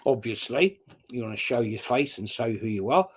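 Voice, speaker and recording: A man's voice: mid-range voice, lively intonation, moderate pace, slightly rough. An English man in his sixties talks casually on his live stream, greeting viewers by name between stories. His telling is loose and chatty, with the odd swear word. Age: 60s. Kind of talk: casual chat reading viewer comments.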